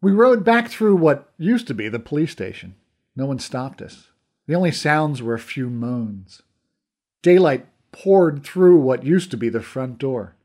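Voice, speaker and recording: A man narrating a story in first person, expressive and dramatic. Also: mid-range voice, a little slow. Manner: expressive, voices characters. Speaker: audiobook narrator.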